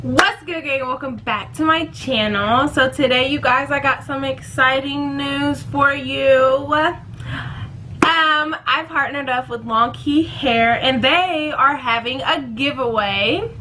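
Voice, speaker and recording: A woman's voice: sits high, slow, sharp tone, slight background noise, poor audio. A young woman chatting casually to her channel in a rambling, self-correcting way. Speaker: vlogger. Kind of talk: casual giveaway vlog.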